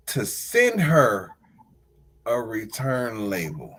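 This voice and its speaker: Animated forty-something man telling stories. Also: medium pitch, moderate pace, rough recording. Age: 40s. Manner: animated storytelling, laughs often, acts out callers. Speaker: podcast host. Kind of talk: casual chat.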